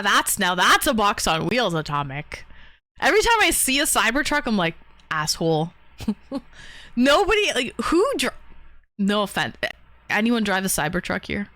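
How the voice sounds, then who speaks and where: A woman's voice: medium pitch, very animated, moderate pace, sharp tone, no room sound. A woman hosting a casual livestream, chatting with viewers, laughing often and swearing casually. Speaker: livestream host reading chat.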